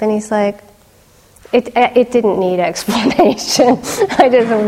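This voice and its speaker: A middle-aged woman teaching meditation in a dharma talk, conversational, with soft laughs and fillers. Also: fairly high pitch, normal speed. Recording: long hall reverb.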